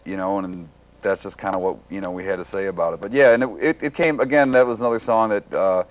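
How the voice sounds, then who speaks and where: A man's voice: low voice, quick pace. A laid-back man from Detroit, a band musician, talking casually in an interview and searching for his words. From Detroit, USA.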